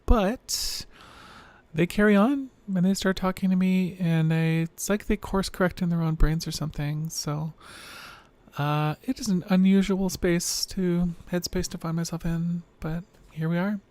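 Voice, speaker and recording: A woman with a low, androgynous voice that still reads as mostly male, rambling reflectively and wryly in a late-night video diary, sounding tired. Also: fairly even intonation, a little slow, a little mellow, no room sound. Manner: rambling, reflective, wry and self-deprecating.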